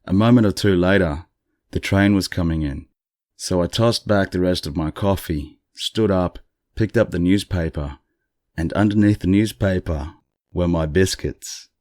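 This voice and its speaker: Male podcast host, very low voice, congested, casual dry storyteller, close dry sound. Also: measured pace, no echo. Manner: relaxed, chatty, dryly amused. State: congested morning voice.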